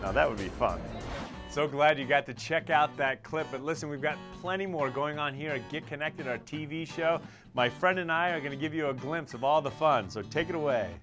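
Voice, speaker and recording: A man's voice: a little high, brisk, over music. A man hosting a TV talk show outdoors in the city, an enthusiastic and friendly interviewer. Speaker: host.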